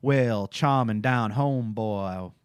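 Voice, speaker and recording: A man's voice: fairly low pitch, slow, clean tone, no room sound, studio quality. A man co-hosting a podcast, chatting casually about a TV episode with enthusiasm, swearing and laughing often. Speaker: podcast host. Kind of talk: casual TV recap chat.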